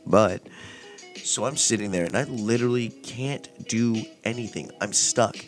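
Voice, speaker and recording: A man's voice: on the low side, measured pace, soft background music. A man hosting a casual storytelling podcast, telling a story in a laid-back, rambling, profane way. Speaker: podcast host.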